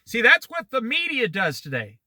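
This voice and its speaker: A man in his sixties leading a Bible study, reading scripture and wandering into opinionated, animated asides and stories. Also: very high voice, moderate pace, no room sound. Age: 60s. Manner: opinionated, digressive, animated storytelling. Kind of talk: Bible study teaching with commentary.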